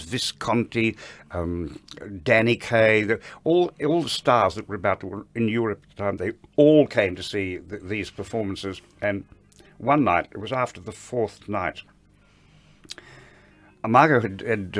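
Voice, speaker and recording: An older man with an Australian accent, a ballet veteran telling anecdotes in an interview, lively and laughing with frequent restarts. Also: on the low side. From Sydney, Australia. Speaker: interview guest, retired ballet dancer. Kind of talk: anecdotal storytelling.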